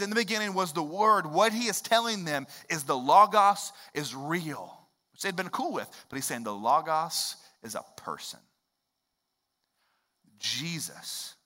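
Animated high-voiced male preacher. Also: long reverb tail. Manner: animated, swings from loud emphatic bursts to low hushed lines. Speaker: pastor. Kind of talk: sermon. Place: church sanctuary.

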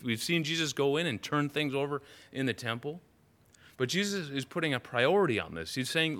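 A man's voice: on the high side, bright, forceful tone. A man preaching a conversational sermon, reading scripture aloud and explaining it with frequent restarts. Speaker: pastor.

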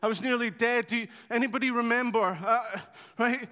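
High-voiced preacher in an echoing hall. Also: male voice, a little fast. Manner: animated, conversational storytelling with humour. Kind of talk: sermon. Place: church hall. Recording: long hall reverb.

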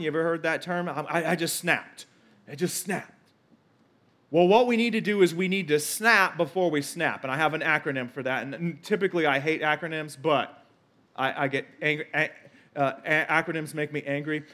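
Man, pastor, sermon, high-pitched voice, conversational, emphatic repetition. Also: fairly bright tone.

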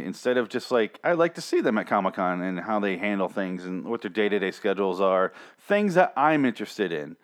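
Rambling, blunt man with a lowish voice. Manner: rambling, blunt, swears casually; repeats and restarts words. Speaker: TV show reviewer. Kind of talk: casual spoken review.

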